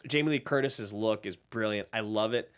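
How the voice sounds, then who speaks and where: A man's voice: on the low side, normal speed, a bit bright, clear, resonant tone. A man co-hosting a casual film podcast, talking over a remote call and acting out movie lines in big voices.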